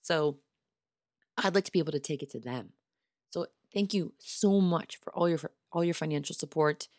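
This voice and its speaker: Chatty, slightly hoarse woman podcaster. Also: low-pitched, normal speed, darkish tone, no room sound, clean studio sound. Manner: chatty, enthusiastic, speaks straight to listeners. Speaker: podcast host. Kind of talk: casual solo podcast monologue. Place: small home studio.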